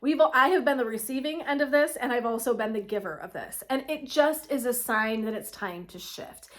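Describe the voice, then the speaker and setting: This is a middle-aged woman giving a relaxed motivational talk as a wellness coach. Her voice sits a little on the high side, and her delivery stays chatty and conversational. She laughs easily and keeps checking in with her listener. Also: a little fast. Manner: chatty and warm-hearted, often checks in with "right?" and laughs easily. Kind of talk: casual motivational talk to camera.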